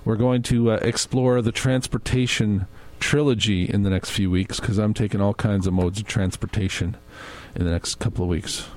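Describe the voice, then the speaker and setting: A man's voice: on the low side, fairly even intonation, moderate pace, few pauses, a little mellow. A man hosting a radio show, chatting casually and rambling through upcoming show plugs in an easygoing way. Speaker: radio host. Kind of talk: casual on-air chat.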